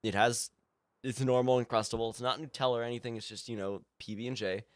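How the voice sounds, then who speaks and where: A male live streamer rambling through an improvised silly story for his chat, stammering and restarting, with bursts of loud shouting. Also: mid-range voice, steady tone, fast talker, no echo, clean studio sound. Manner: goofy, stammering with many restarts.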